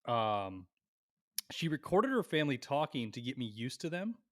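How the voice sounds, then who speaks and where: A young man on a podcast, telling a long family story in a lively, animated way and swearing freely. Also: mid-range voice, moderate pace, dry recording, studio quality. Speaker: podcast co-host. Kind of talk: casual storytelling chat.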